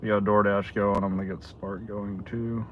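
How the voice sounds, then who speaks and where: A man's voice: lowish voice, little pitch movement, moderate pace, lo-fi sound, slight background noise. A man in his seventies chatting casually on a livestream while driving deliveries, greeting viewers by name. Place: in a car.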